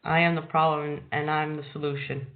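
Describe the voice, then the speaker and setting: A woman's voice: low voice, flat delivery, a little fast. A woman calling in to a radio show, speaking hesitantly and repeating after the host. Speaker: caller. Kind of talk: call-in conversation. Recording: phone-like narrow band.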